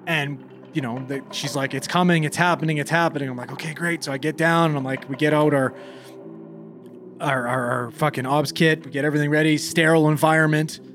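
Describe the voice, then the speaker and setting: A man's voice: a little high, steady tone, a little fast, noisy background. A young man, a paramedic, casually telling a call story, swearing freely and acting out the dialogue.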